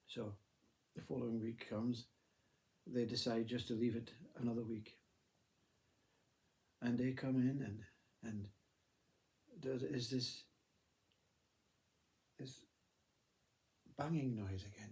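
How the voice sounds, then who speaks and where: A man telling a spiritual parable in a measured, gently emphatic way, often repeating words. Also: medium pitch, steady tone. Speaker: storyteller. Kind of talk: spoken parable.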